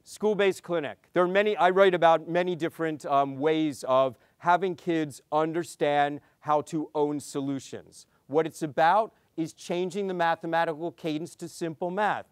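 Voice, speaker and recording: A man, a pediatrician, giving a conference talk, telling clinic stories and acting out the dialogue in a lively way. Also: on the high side, moderate pace, few pauses, smooth, dry recording, studio quality. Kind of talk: conference lecture.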